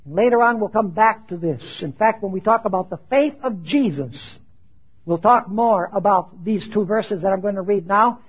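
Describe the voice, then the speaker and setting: A man preaching a sermon who asks his listeners questions and answers them himself, growing loud on quoted scripture and dropping low for his questions. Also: normal speed, slightly rough. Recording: dull lo-fi sound.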